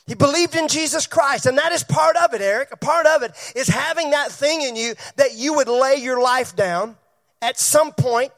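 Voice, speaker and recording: Preaching to his church, a pastor with a very high, slightly bright voice keeps a moderate pace. He puts questions to the congregation and singles out people by name throughout the sermon.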